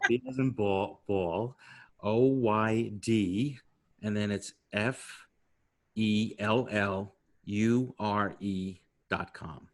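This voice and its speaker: A man's voice: on the low side, drawn-out words. Sixty-year-old New York man hosting a podcast. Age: 60s. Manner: chatty, rambling, laughs easily. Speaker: podcast host. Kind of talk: casual interview chat.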